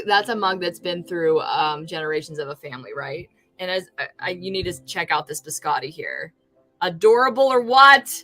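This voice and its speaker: This fake food artist and streamer from California talks in a fairly low, fairly bright voice. She chats casually on her livestream while displaying her crafts, rambling, restarting often, and sounding pleased with what she's made.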